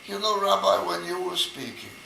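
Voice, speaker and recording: A man's voice: high-pitched, lively intonation, moderate pace, gravelly, bright, forceful tone, roomy sound, slight background noise, heavily acted, rough recording. An older man voicing a troubled father who is earnest and thankful.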